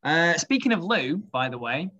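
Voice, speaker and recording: A man's voice: a little high, very animated, moderate pace, pushed and bright. Man telling stories over muffled sound. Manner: laughing, swearing freely, storytelling. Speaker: podcast co-host. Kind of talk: casual chat.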